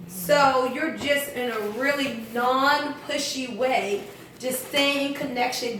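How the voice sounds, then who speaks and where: A high-voiced woman leads a home sales meeting, coaching her guests in an upbeat, coaxing way and throwing questions to the group. She sounds far from the mic in a very echoey room, with faint noise behind her. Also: fairly bright tone.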